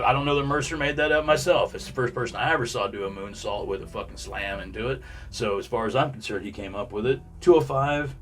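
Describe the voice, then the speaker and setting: A man's voice: fairly low pitch, far from the mic. A man giving blunt, profanity-heavy opinions in a casual rant about the week's shows. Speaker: wrestling commentary podcaster.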